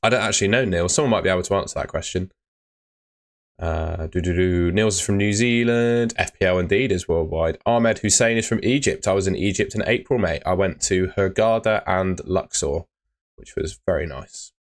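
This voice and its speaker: A man's voice: low voice, a little fast. A man hosting a casual live stream, chatting loosely with filler words as he reads out viewer comments. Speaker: host of a fantasy football live stream.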